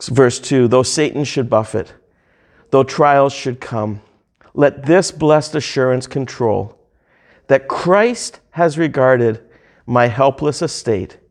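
Slow, deliberate male preacher. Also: medium pitch. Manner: reads scripture and hymn lyrics aloud. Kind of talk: sermon.

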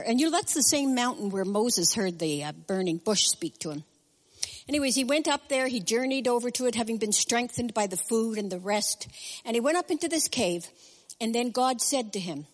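A woman teaching in a conversational sermon, retelling scripture in a chatty, animated way with side remarks. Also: a little high, fairly quick. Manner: chatty, animated storytelling with asides. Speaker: Bible teacher. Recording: long reverb of a large hall.

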